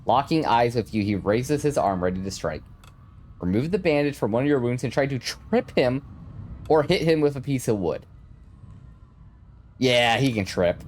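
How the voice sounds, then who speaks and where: A man's voice: mid-range voice, animated, moderate pace, darkish tone. A man playing a game on his channel, reading the story text dramatically and breaking off into profane joking asides. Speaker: gaming creator. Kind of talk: gameplay commentary, reading story text aloud.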